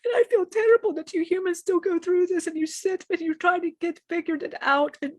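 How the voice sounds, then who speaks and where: A woman channeling a spiritual message, speaking in an emotional, halting way with many restarts and repetitions. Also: very high-pitched, steady tone, darkish tone, no echo.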